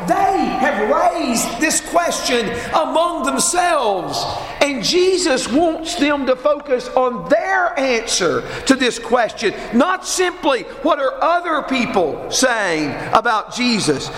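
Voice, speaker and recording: A man preaching in a very slow, deliberate way, his pitch rising and falling a lot as he leans on rhetorical questions. His voice sits very high for a man. The sound rings through a large, echoey hall with a long reverb tail. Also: big pitch swings, fairly bright tone, slight background noise. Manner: measured, emphatic teaching with repeated rhetorical questions. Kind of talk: sermon.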